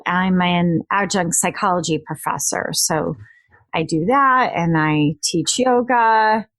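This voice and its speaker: A woman coach talks through her own story in a relaxed interview, with plenty of ups and downs in how she tells it. She slips into quoted lines with small bits of acting. The sound is dry and close, with no room echo. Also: on the low side. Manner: animated storytelling, acts out quoted dialogue. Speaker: guest author and emotional detox coach.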